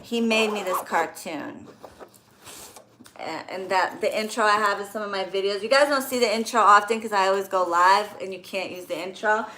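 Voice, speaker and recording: A woman's voice: medium pitch, normal speed, low-quality recording. A woman who does readings for clients, chatting casually and gushing in a vlog as she unboxes gifts. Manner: chatty, gushing, squeals when excited. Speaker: spiritual reader for clients. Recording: crinkling packaging noise.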